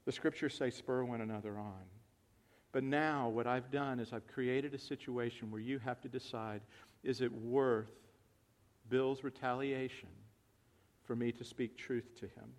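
A man preaching a sermon, moving from quiet, reflective talk to loud, excited calls to the congregation. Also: medium pitch, measured pace. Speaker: pastor.

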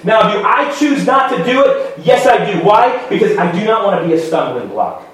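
Man, pastor, sermon, high voice, emphatic, booming echo, distant mic. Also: very animated, a bit bright. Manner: emphatic, halting restarts, rhetorical questions. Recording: very echoey room, voice from far off.

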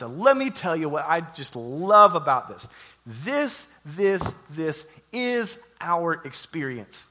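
A young adult man preaching a casual, jokey sermon, acting out quotes with lively energy. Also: fairly high pitch, slow. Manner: animated, jokey, acts out quotes. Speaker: pastor.

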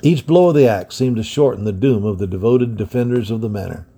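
Man, gravelly voice, mellow tone, measured story reading. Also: lowish voice. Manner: steady, measured narration with voiced dialogue. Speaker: storybook reader. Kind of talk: reading a historical adventure novel aloud.

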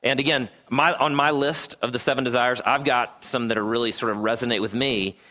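A man's voice: mid-range voice, steady tone, fairly quick, bright, forceful tone. A man preaching a sermon to a room in a conversational way, often checking in with "right?" and adding wry asides. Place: church gathering room.

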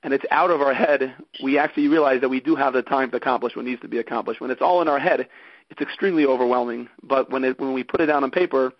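Halting male interviewer, dull sound. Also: medium pitch, no room sound. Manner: halting, restarts while asking questions. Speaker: interview host. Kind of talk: podcast interview.

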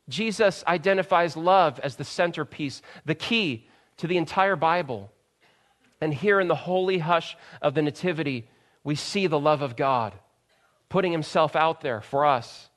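A man in his thirties, a pastor, preaching a sermon in an earnest way, dropping soft and slow, then rising to loud emphatic bursts. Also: fairly high pitch, lively intonation.

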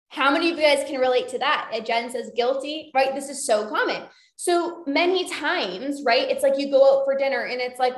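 A woman's voice: sits high, moderate pace, hardly any pauses. A woman coaching casually on a podcast, chatty and often checking in with "right?" and "like". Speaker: binge eating coach and podcast host. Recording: roomy echo.

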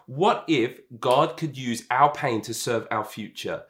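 A man preaching a sermon as pastor, swinging between soft, slow passages and emphatic, rising ones, often repeating words. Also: medium pitch.

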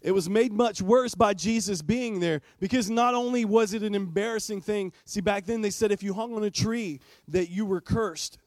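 A male pastor preaches in a church in a relaxed, conversational way. He speaks in a slightly high voice and puts direct questions to the congregation. The sound is close and dry. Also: moderate pace, hardly any pauses, no echo. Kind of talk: sermon.

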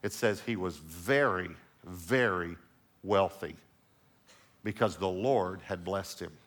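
A middle-aged male pastor preaching a sermon, an animated storyteller who drops to hushed lows and rises to loud bursts. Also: slow.

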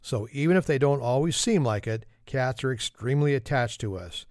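A man's voice: mid-range voice, lively intonation, a little fast, darkish tone, dry recording, studio quality. A man hosting a podcast and delivering a humorous monologue in a wry, self-deprecating, conversational manner. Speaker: podcast host.

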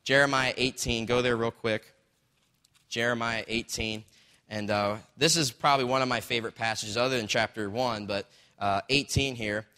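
A man preaching in an easygoing, storytelling way, his voice bright and forward. His words ring out with a long reverb that fills the church sanctuary around him. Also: mid-range voice, fairly even intonation, moderate pace. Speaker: pastor. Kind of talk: sermon. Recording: long reverb of a large hall.

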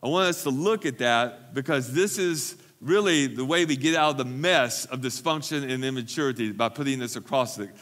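A man's voice: medium pitch, moderate pace, hardly any pauses, fairly bright tone. A man preaching a sermon as pastor at a church recovery meeting, emphatic and repeating phrases for stress.

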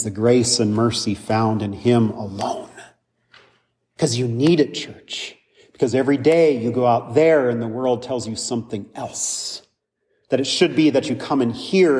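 A man's voice: mid-range voice, darkish tone, big-room sound. A man, a pastor, preaching a conversational sermon full of rhetorical questions.

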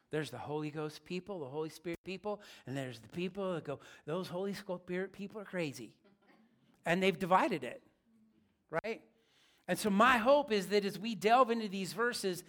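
A man's voice: sits high, fairly bright tone. A man preaching a sermon as pastor, in a casual, joking, conversational way.

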